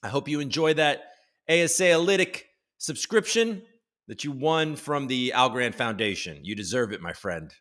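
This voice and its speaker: A man's voice: medium pitch, expressive, moderate pace, fairly bright tone. A man from the United States hosting a casual live stream from home, joking loosely and greeting chat viewers by name. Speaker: livestream host.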